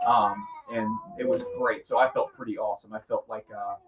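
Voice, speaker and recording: A man co-hosting a podcast in casual chat, telling stories in a relaxed way with many ums and likes. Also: fairly low pitch, a little fast, lo-fi sound. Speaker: podcast co-host.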